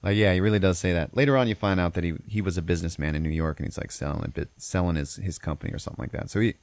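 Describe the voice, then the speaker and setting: A man's voice: sits low, rapid-fire, a little mellow, dry recording. A man hosting a podcast, casually recapping a movie in a profane, rambling way. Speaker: podcast host.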